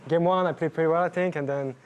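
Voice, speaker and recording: A young man, a professional gamer, answering post-match interview questions in halting, filler-heavy speech. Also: a little high, steady tone, lo-fi sound, slight background noise. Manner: halting, filler-heavy, non-native phrasing. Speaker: pro jungler interviewed after a match.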